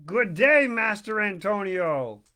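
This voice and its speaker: A man voicing a hot-tempered, lively little old man who makes wooden puppets, speaking loudly in a storybook reading. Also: high-pitched, slow pace, heavily acted. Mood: hearty. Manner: loud, hot-tempered and indignant.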